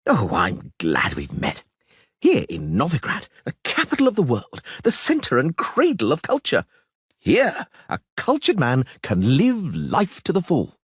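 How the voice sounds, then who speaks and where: A man voicing a vain, flamboyant young bard who talks excitably and dramatically in an audiobook. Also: mid-range voice, a little slow, slightly rough, no room sound, studio quality, voice pushed up, full character voice. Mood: excitable flamboyant. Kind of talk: audiobook character voice.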